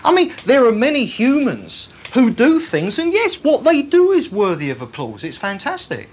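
A preacher delivering a sermon in an animated, humorous way, laughing at his own jokes. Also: mid-range voice, moderate pace, breathy edge. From Britain.

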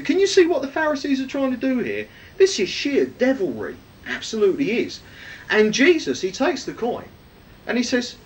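Teaching scripture in his sermon, this preacher keeps asking his audience rhetorical questions with emphatic delivery. His pitch moves in big swings at a slightly fast pace, and the far-off mic picks up a faint rumble.

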